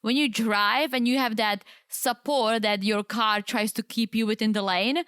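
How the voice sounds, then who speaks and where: A woman's voice: a little high, steady tone, moderate pace, a bit bright, smooth, no room sound, clean studio sound. A woman with a Czech accent, co-hosting a podcast in chatty, self-deprecating conversation. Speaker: podcast co-host. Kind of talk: casual chat.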